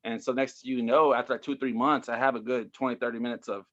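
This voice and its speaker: A man's voice: medium pitch, steady tone, quick pace, a bit bright, dull audio. A man, a stand-up comedian, telling his story in a loose, rambling interview chat full of fillers. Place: Houston area.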